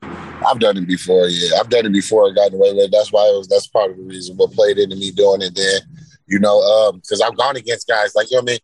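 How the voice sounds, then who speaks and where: A man with a low, husky voice talks in a loose, laid-back way, checking in with the listener again and again. The sound is dry and close. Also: little pitch movement, fast, dry recording, low-quality recording. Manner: laid-back, repeats "you know what I mean". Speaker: guest fighter. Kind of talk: casual interview chat.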